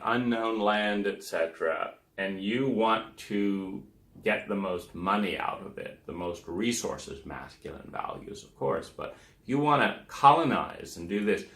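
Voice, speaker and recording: A man's voice: lowish voice, bright, forceful tone, reverberant. A man giving a rambling lecture, trailing off into fillers and "da, da, da.". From United States. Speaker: speaker on relationships.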